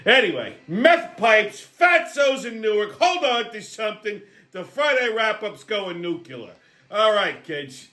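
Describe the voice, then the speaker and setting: A man's voice: high voice, big pitch swings, unhurried, pushed and bright. Brash, profane ranting man. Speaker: host. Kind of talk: comedic political rant.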